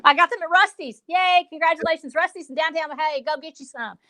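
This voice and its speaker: A woman's voice: extremely high pitch, fairly quick, bright, forceful tone. A woman, chatting as an author guest in a playful, theatrical, joking way. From Texas. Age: 50s. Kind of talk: casual interview chat.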